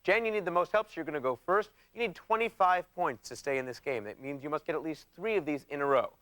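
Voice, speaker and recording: A man's voice: on the high side, fast talker, no room sound. A man hosting a television game show in an upbeat, announcer-like way. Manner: energetic, announcer-like. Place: TV studio. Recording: studio with audience and music. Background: studio audience and show music.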